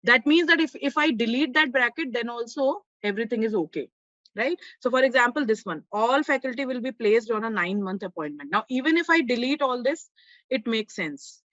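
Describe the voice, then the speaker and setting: A woman's voice: fairly high pitch, animated, fairly quick, fairly bright tone, dry recording. A woman teaching an online class, explaining step by step and checking in with her students. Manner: frequent fillers and restarts. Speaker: online course instructor. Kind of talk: live online grammar lesson. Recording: dull lo-fi online class audio.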